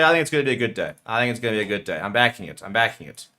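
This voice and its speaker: A man's voice: lowish voice, sing-song, very fast, pushed and bright. A man hosting a rugby watchalong, calling the play live and getting heated with the referee. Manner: partisan play-by-play calls. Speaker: watchalong host.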